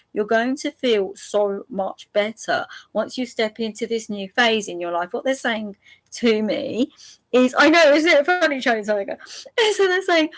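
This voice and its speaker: A woman hosting a live angel card reading, chatty and laughing often as she speaks straight to her viewers. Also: on the high side. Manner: repeats options slowly and gently.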